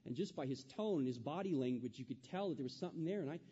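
High-voiced man preaching in a reverberant hall. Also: animated, very fast, dark tone, husky. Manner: emphatic preaching with rhetorical questions and repetition. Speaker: pastor. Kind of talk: sermon. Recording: dull lo-fi sound with long hall reverb.

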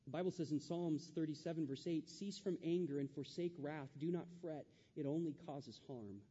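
A man's voice: on the high side, moderate pace, mellow, slightly rough, long reverb tail, muffled recording. A male pastor preaching a sermon, acting out the quoted voices with rising intensity.

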